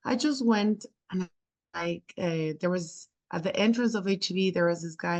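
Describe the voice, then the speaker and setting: Woman agent, not a native english speaker, excited, stops and restarts, acts out the talk as she tells it. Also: lowish voice. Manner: animated storyteller, acts out dialogue, halting restarts. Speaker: real estate agent. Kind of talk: sharing a story in a class.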